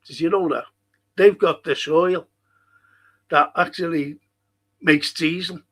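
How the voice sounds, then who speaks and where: A man's voice: a little high, steady tone, slow pace, bright, forceful tone. A man hosting a live-streamed local history show, chatting casually with viewers, rambling and swearing freely.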